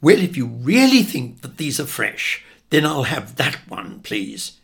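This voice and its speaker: A fussy, nervous mother, put on by a male storyteller, her pitch lifted and swinging widely. The fretting, exaggerated manner carries over a gravelly undertone. She fusses and second-guesses in a high, animated voice. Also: measured pace, exaggerated voice. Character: fussy nervous mother, middle-aged woman.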